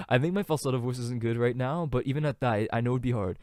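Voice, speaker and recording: A young man hosting a casual solo podcast, rambling with many fillers and now and then trying out falsetto singing. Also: fast talker, few pauses, a little mellow, dry recording, clean studio sound. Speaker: podcast host.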